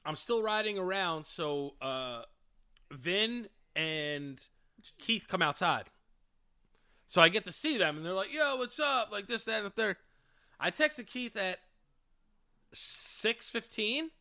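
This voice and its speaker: A man co-hosting a podcast, telling loose stories and swearing casually in relaxed chat. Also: high voice, takes it slowly, long pauses, smooth. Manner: loose, profane storytelling. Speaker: podcast co-host.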